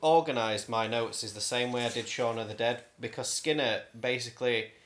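A man's voice: mid-range voice, brisk, fairly bright tone, echoey room. A man co-hosting a casual film podcast, chatty and giggly as he goes through his notes. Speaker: podcast co-host.

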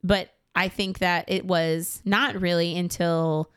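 A woman's voice: fairly low pitch, fairly even intonation, slow pace, fairly bright tone, smooth. A woman in her thirties hosting a casual podcast chat, talking loosely with many fillers and frequent laughs. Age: 30s. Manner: chatty, laughs often, lots of fillers. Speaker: podcast host.

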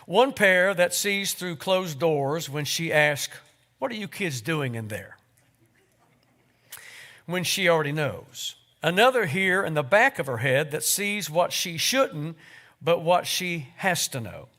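A man's voice: a little high, animated, takes it slowly, bright, forceful tone, full character voice. A man voicing the Lord, a patient male creator proud of his work, as part of a read-aloud story in a sermon. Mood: proud, fond.

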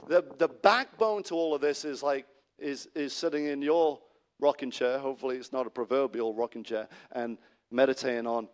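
A middle-aged man preaches a sermon with animated energy, his voice sitting a little higher than most men's. He jumps from loud, ringing exclamations to quiet, confiding asides and often restarts his sentences. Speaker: pastor.

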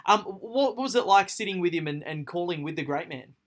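Male host, fairly high voice. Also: lively intonation, brisk. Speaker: radio show host. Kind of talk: casual interview chat.

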